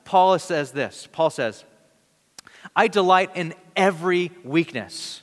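A man preaching a sermon in an earnest, conversational way, with dramatic pauses. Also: on the high side, expressive, fairly bright tone. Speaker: pastor. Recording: long reverb of a large hall.

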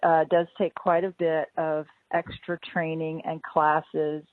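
A woman's voice: deep voice, little pitch movement, takes it slowly, no echo. A woman hosting a casual interview over a call, gushing and laughing often. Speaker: podcast host. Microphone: call audio. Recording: tinny call line, dry.

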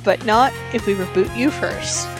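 A woman co-hosting a casual comedy podcast, playful and quick to laugh. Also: medium pitch, faint music behind. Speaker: podcast co-host.

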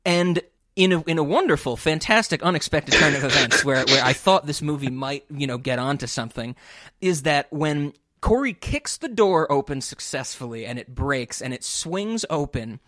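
Male podcast co-host, casual movie-recap storyteller, slightly high voice, dry booth sound. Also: normal speed, no room sound. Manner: animated storyteller, acts out quotes, swears freely.

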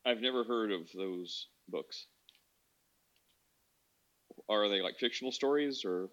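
A man's voice: lowish voice, takes it slowly, a bit bright. A man hosting a social audio room, chatting in an easygoing way and leaning on fillers. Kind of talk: casual chat. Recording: dull lo-fi audio.

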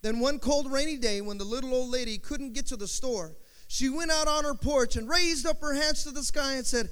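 A man's voice: very high voice, normal speed, fairly bright tone, clear, resonant tone. A male pastor preaching a sermon, with call-and-response and emphatic repetition. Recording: long hall reverb.

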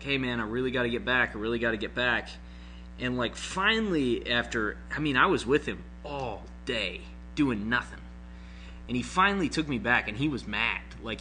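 A man's voice: mid-range voice, bright, forceful tone, a little hiss or hum. Rambling man in casual chat. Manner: rambling, hesitant storytelling.

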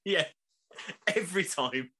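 A man's voice: high-pitched, animated, slow, pushed and bright. A young man co-hosting a podcast, joking, acting out little quotes and swearing. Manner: jokey, acts out quotes, swears. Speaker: podcast co-host. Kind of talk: casual chat.

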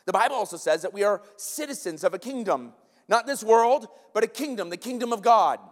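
An American pastor with a high, bright voice gives a lively, conversational sermon, frequently tossing quick "right?" asides to his listeners. His voice echoes with a long reverb tail through a large church sanctuary.

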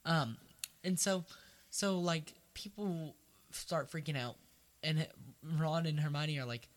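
A man chatting casually as a podcast co-host, retelling a book and acting out the characters in quick voices. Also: fairly high pitch.

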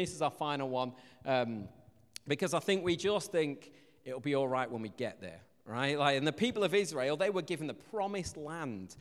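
A young Englishman gives a chatty, humorous sermon, slipping into animated little stories and playful asides to the congregation. His voice sits a bit high for a man. It rings out with a long hall reverb around it. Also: normal speed. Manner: chatty, jokey, animated storytelling with shouted asides. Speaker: preacher. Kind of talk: casual sermon with jokes. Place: church hall.

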